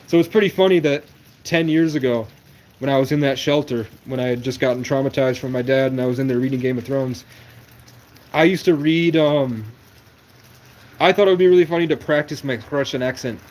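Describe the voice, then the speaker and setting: A young man from New England talks through a long, rambling livestream monologue. He jumps between conspiratorial topics in a flat, even voice. A faint noise sits under his speech. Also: mid-range voice. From New England, USA. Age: 20s.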